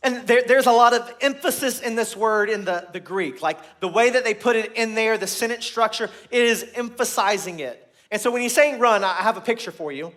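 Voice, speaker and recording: A man preaching a sermon to a room, earnest and repeating his points, growing loud and emphatic at key moments. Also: high-pitched, fairly quick, few pauses. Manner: earnest, repeats phrases, restarts words.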